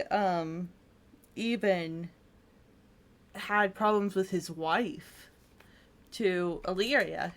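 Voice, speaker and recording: A woman with a fairly low voice holds a relaxed chat about game lore. She wanders through her points, pausing on ums and restarting her sentences as she goes. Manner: chatty and meandering, with frequent ums. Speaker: co-host of a video game lore channel. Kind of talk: casual chat.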